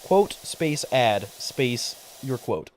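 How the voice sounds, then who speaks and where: A young man talking to his chat on a stream in a loose, rambling way, cursing often and getting excited. His voice sits at an ordinary pitch but swings up and down freely. A faint hiss runs underneath. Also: drawn-out words. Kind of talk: casual livestream chat.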